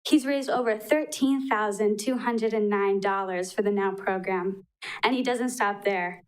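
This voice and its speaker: A woman's voice: on the high side, rough recording. A young woman from Wisconsin reading an earnest prepared tribute at a council meeting podium microphone, a little emotional. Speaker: public commenter. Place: council chamber.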